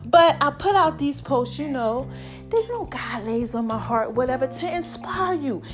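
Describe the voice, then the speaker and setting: A middle-aged woman hosting her podcast, talking in an animated, preachy way and a little out of breath. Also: high voice, normal speed, music in the background. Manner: animated, preachy, hypes her shows, calls listeners y'all and baby. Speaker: podcast host. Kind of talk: casual monologue to listeners.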